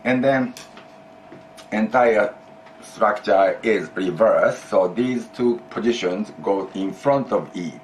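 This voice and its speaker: A man's voice: fairly low pitch, takes it slowly, slight background noise. A man teaching a Japanese grammar lesson in English, explaining patiently, repeating key phrases and prompting his student to answer.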